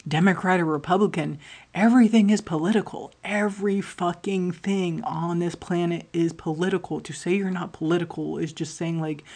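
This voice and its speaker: A woman's voice: on the low side, fairly even intonation, normal speed, a little mellow, breathy edge. A woman talking to her audience in a rambling, candid personal monologue, swearing often as she tells stories about her life. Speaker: podcast host.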